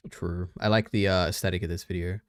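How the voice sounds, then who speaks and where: Low-voiced man chatting on a stream. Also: level tone, fast talker, slight background noise. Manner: offhand, chatty, thinks aloud. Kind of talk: casual reaction stream.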